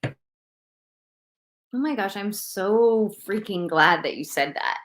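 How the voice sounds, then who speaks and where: A woman co-hosting a casual chat, talking in an animated, rambling way and often laughing. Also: medium pitch, slow. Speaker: co-host.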